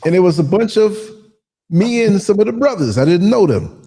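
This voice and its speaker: A man's voice: high voice, expressive, normal speed, creaky, dark tone, slightly rough. An American man living abroad, telling a story in a casual podcast chat with sarcastic asides over a remote call. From United States. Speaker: podcast host. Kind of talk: casual conversation. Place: living in Africa.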